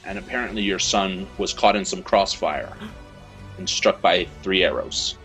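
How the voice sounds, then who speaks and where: A man's voice: sits low, normal speed, bright, forceful tone, faint music behind, pitched below the performer's own voice. A man voicing a somber adult priest adventurer who speaks in a hesitant, grave way.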